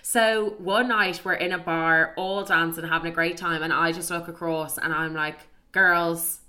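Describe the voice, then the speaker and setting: Young Irish woman, casual storyteller, chatty and sweary, lowish bright voice. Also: fairly even intonation, moderate pace. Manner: chatty, peppered with "like", swears freely.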